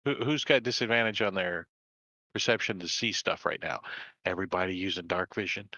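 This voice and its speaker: A man narrating as game master, halting and full of restarts, over muffled voice chat. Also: sits low, bright, forceful tone, no echo.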